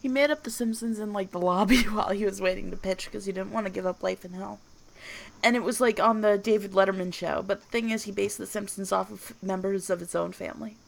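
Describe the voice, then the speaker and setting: A woman co-hosting a casual podcast, relaxed and teasing. Her voice has a gravelly, creaky edge at a middle pitch. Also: fast, a little hiss or hum. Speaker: podcast co-host. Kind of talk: casual chat.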